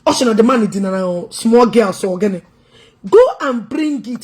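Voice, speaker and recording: A woman's voice: on the high side, lively intonation, normal speed, husky. A Nigerian woman with an Igbo accent giving a taunting, confrontational commentary vlog, switching between languages and scolding her target. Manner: taunting, confrontational, loud and teasing. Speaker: online commentator. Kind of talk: mocking commentary vlog, mixing Igbo, English and Pidgin.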